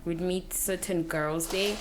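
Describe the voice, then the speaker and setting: A young South African woman co-hosting a casual podcast chat, telling stories in an animated way. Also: lowish voice, a little slow, slight background noise. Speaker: podcast co-host.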